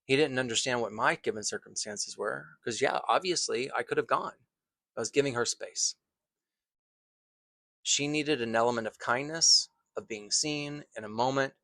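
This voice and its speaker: A man who teaches acting tells a personal story in an earnest, thoughtful way, pausing and restarting phrases as he goes. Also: mid-range voice, vocal fry, pushed and bright, dry recording.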